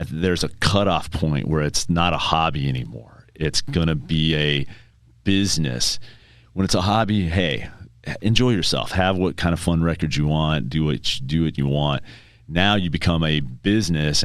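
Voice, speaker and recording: A man, a tax preparer guest on a podcast, chatting casually and telling stories, briefly acting out his clients in quick bits of dialogue. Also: deep voice, dry recording, studio quality.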